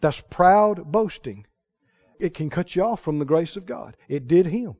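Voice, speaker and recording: A man preaching a sermon, dramatic and animated, quoting scripture and building to shouted peaks. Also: fairly high pitch, unhurried, dull audio.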